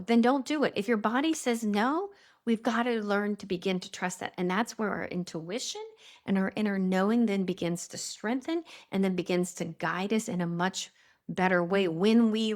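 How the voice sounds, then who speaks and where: A woman co-hosts a talk show in a casual but instructive way. She lays out points steadily and pauses to check in with her listener. Her pitch sits in the ordinary middle range for a woman. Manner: measured, instructive, checks in with "okay?". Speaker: podcast co-host. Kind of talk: casual chat guiding tips.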